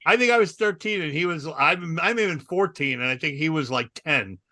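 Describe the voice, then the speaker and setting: A man telling a funny story with a wry, quick-witted manner on a podcast. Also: fairly high pitch, animated, bright, forceful tone, dry recording. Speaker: podcast co-host. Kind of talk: casual comedic storytelling.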